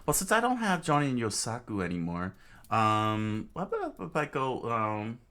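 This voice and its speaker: A man's voice: medium pitch, huge pitch swings, moderate pace, pushed and bright. A man reading a comic aloud in a casual, rambling way, full of fillers and side comments. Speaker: comic reader. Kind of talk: casual read-along narration.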